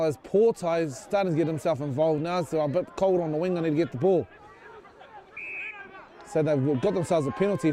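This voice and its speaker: High-voiced New rugby commentator. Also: male voice, warm tone. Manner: rambling and jokey, often unsure of player names. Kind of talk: casual sideline sports commentary. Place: outdoors at a club rugby ground.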